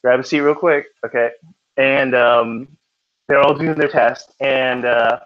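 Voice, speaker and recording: A man's voice: medium pitch, steady tone, a little slow. Joking male tutor in a dull recording. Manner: chatty, joking with students. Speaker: test-prep tutor. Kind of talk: classroom teaching. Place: classroom.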